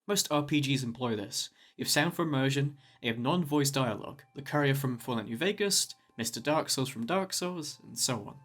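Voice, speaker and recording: A man delivers scripted video essay narration at an ordinary middle pitch. He slips wry, jokey asides into an otherwise steady read. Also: a little fast, few pauses.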